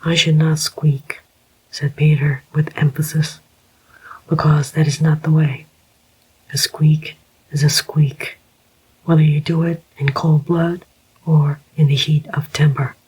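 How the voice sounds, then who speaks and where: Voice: medium pitch, little pitch movement, a little slow, long pauses, a little mellow, breathy edge, low-quality recording. A narrator whispering the part of a firm, principled older man who is a father, as whispered role-play. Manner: firm, emphatic.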